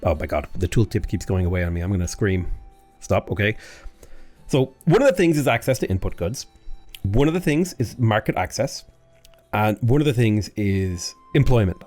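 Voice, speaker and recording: A man's voice: medium pitch, darkish tone. A man chatting his way through a strategy game as a YouTuber, rambling and breaking off mid-sentence. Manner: chatty, rambling, self-interrupting.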